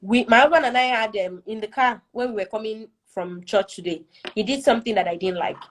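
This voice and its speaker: A woman's voice: on the high side, a little fast. A woman telling a personal story as a guest in a casual conversation, earnest and reflective, often checking that the listener follows. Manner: keeps checking in with "do you see?".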